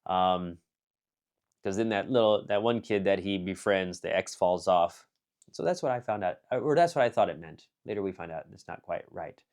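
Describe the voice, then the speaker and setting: A man with a deep voice talks at a moderate pace while casually reviewing an anime film. He rambles with plenty of fillers and restarts, swinging between excited bursts and quiet muttered asides.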